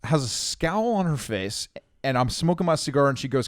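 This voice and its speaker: Young male podcast co-host, casual rambler, swears freely; average pitch, dry close-mic sound. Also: sing-song, normal speed, dry recording. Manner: rambling storytelling, swears a lot, many restarts. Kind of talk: casual chat.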